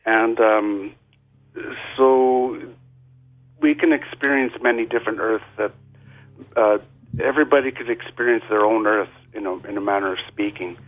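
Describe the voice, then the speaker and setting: Halting male guest over the phone. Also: fairly low pitch. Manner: hesitant, halting with fillers. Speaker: guest expert. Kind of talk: phone-in interview. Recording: tinny phone line, faint music.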